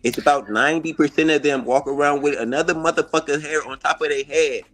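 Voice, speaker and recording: A man's voice: fairly high pitch, quick pace, a bit bright, faint music behind. A man arguing bluntly and with heavy profanity in a heated casual panel debate.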